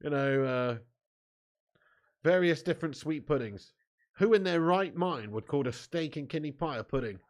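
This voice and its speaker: A man's voice: a little high, lively intonation, moderate pace, darkish tone. A young man hosting a live football watch-along, bantering with chat, laughing often, swearing and calling everyone mate. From southern England. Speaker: fan channel host.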